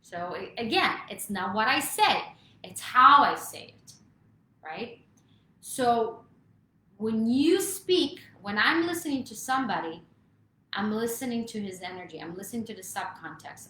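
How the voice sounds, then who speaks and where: Female vocal coach, emphatic motivational delivery, mid-pitched, echoey room with faint hiss. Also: animated, measured pace, bright, forceful tone. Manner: emphatic, often checks in with "right?". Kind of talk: motivational coaching talk to camera.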